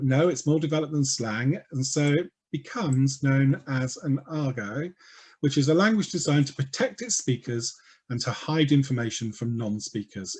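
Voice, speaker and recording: A man giving an educational talk, explaining in a lively, playful way with quick asides. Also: medium pitch. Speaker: speaker on language history.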